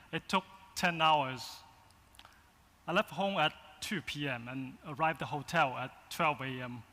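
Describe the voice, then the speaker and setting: A man with a Chinese accent gives a keynote in a large conference hall, speaking in short, halting phrases. His voice is high and bright, and the long hall reverb trails each phrase. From China. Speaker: agency founder, keynote speaker.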